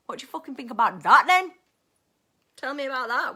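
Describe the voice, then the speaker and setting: A woman's voice: sits high, expressive, normal speed, bright, forceful tone. A woman hosting a casual live stream with viewers, exuberant and swearing freely as she chats. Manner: exuberant, swears freely, sings along to music. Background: music playing.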